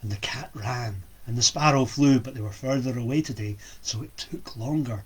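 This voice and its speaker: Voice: medium pitch, moderate pace, husky. A storyteller telling a folk tale for children in a playful way, with sound effects.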